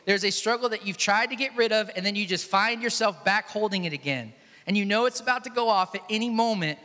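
High, bright-voiced male pastor in an echoey hall. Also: fast talker. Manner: conversational, storytelling, jokes with the congregation. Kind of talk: sermon. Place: large church hall.

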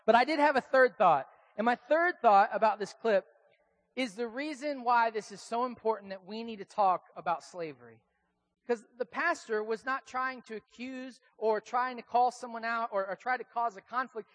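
A man's voice: very high voice, fairly bright tone. A man with an American accent preaching a sermon in a casual, conversational, self-deprecating way. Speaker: pastor.

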